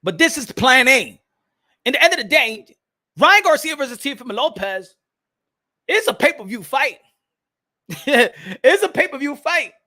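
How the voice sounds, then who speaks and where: High, bright-voiced ranting boxing host. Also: male voice, measured pace, pauses often. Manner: animated and profane, with frequent restarts and rhetorical questions. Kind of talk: live-streamed ranting commentary.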